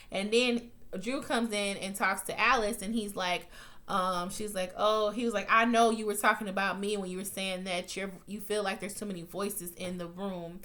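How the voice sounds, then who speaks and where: A woman's voice: mid-range voice, fairly bright tone. A woman talking through a TV episode recap in a casual, chatty way, blunt and full of swearing, with many fillers and restarts, her voice jumping up when she gets worked up. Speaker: TV recap reviewer.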